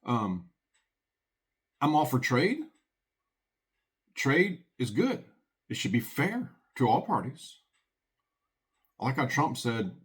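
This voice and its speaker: A man's voice: a little high, very animated, a little slow, long pauses. A man hosting a prepping channel, giving earnest, folksy commentary and reading scripture aloud.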